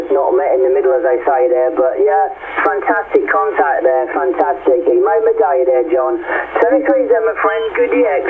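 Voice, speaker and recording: A man's voice: on the high side, creaky. Englishman over crackly shortwave radio. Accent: East Anglian English. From England. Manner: chatty, adds "there" to every phrase. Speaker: ham radio operator. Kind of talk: radio contact chat. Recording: tinny radio with static hiss.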